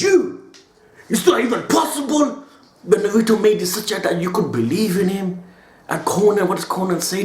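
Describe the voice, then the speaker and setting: A man with a fairly high voice talks through an anime reaction in a passionate, slang-heavy monologue. He keeps dropping casual tags as he goes. The room around him rings with echo. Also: a little mellow, a little hiss or hum. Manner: impassioned, slangy, keeps tagging lines with "yo". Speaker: anime reaction channel host. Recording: roomy echo.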